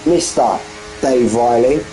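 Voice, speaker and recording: A man's voice: mid-range voice, slow, mellow, soft background music, low-quality recording. A young man giving chatty, joking live commentary on an online sim race. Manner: chatty, jokey banter with drivers.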